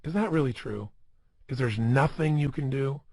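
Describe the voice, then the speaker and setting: A man's voice: mid-range voice, normal speed, darkish tone, no echo. A man giving a motivational seminar talk, speaking emphatically and asking the listener many rhetorical questions.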